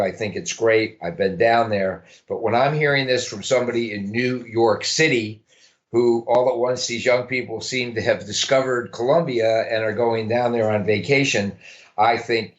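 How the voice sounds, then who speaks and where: Guy rambling thru an interview, lots of restarts, kinda muffled recording. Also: fairly low pitch. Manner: rambling, restarts, thinks aloud. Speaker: guest, realtor. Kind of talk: casual interview answers.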